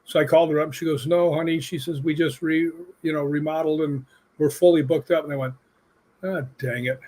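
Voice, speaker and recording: A man's voice: a little high, a little fast. A man, a guest on an interview show, telling casual anecdotes and acting out the people in them. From United States. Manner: animated storyteller who acts out quoted people. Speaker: guest, stunt coordinator and paranormal investigator.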